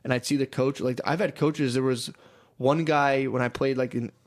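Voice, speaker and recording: A man's voice: mid-range voice, steady tone, normal speed. A man co-hosting a casual comedy podcast, laid-back and profane, saying "dude" all the time. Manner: laid-back, swears a lot, says "dude" constantly. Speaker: podcast co-host.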